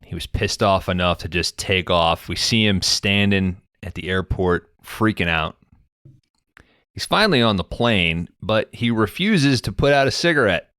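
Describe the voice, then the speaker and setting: A man's voice: on the low side, lively intonation, unhurried, fairly bright tone, no room sound, studio quality. A man hosting a casual movie podcast, retelling scenes and reading out the characters' lines. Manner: retells scenes and reads film dialogue aloud. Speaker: podcast host. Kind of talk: casual movie recap chat.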